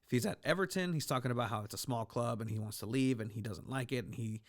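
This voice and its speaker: A man, chatting casually about soccer as a podcast co-host, rambling with restarts and laughs. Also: medium pitch. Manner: rambling, halting, laughs often. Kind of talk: casual sports chat.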